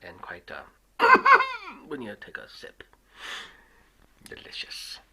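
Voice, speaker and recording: A man telling a family story as a comic rant, swearing heavily and swinging from loud outbursts to hushed asides. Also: deep voice, huge pitch swings, takes it slowly, vocal fry, husky, in a whisper, low-quality recording. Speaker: comic ranter.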